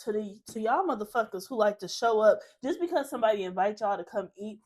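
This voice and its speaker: A woman's voice: medium pitch, expressive, fast, a little mellow. A young adult woman co-hosting a podcast, speaking bluntly with cursing and acting out what people say. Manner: blunt, profane, acts out quoted lines. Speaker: podcast co-host. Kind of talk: casual chat.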